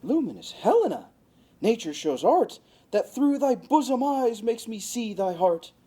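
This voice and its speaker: A woman's voice: on the high side, big pitch swings, a little slow, warm tone, breathy edge, heavily acted. A woman playing eager young lover Lysander. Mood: ardent. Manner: playful, hamming it up. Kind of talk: amateur Shakespeare reading.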